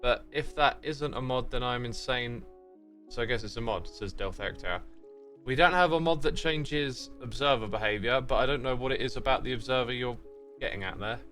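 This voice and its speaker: A British man streams a game, casually chatting with viewers and thinking out loud. His medium-pitched voice is a bit bright and moves at a moderate pace, with faint music behind.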